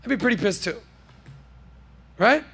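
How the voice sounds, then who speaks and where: A man's voice: high voice, animated, a little slow, vocal fry, bright, forceful tone, husky. A man hosting a casual pop-culture podcast, riffing in a brash, jokey, salesman-like way from a podcast studio. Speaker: podcast host.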